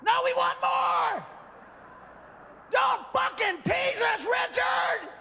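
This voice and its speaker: Brief: a frantic screaming fan mob, high and shrill, a man putting it on. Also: animated, slow, creaky, bright, forceful tone, raised voice, some chatter behind, a little hiss or hum, full character voice. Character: frenzied shouting fitness-video fan crowd.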